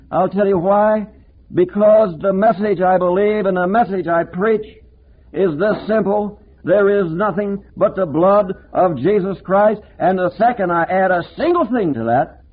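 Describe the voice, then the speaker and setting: Fervent male preacher, somewhat high voice, swings from loud to hushed; thin tinny lo-fi audio. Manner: impassioned preaching, swinging between emphatic and hushed. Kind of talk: sermon. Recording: tinny lo-fi phone-like recording.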